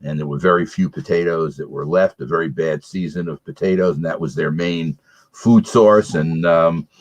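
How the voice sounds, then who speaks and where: A man co-hosting a casual beer tasting chat, explaining things in a measured way with filler pauses. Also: sits low, steady tone. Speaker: beer reviewer co-host.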